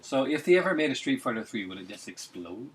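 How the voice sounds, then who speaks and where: A man's voice: mid-range voice, big pitch swings, fast, low-quality recording. A man hosting a casual group chat, rambling, joking and laughing often. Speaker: podcast host.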